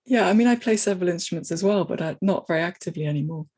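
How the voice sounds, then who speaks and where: A woman speaking as an interview guest about coaching software teams, thoughtful and given to restarts as she works through her ideas. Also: on the low side, rapid-fire. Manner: thoughtful, talks in restarts and hedges. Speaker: guest, technical agile coach. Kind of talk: casual interview conversation.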